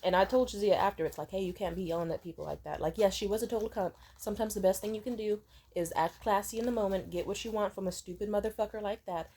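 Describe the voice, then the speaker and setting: A woman in her twenties telling personal stories in a casual vlog, blunt and profane, with lively swings in pitch and loudness. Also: fast talker. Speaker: vlogger. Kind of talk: casual storytime monologue.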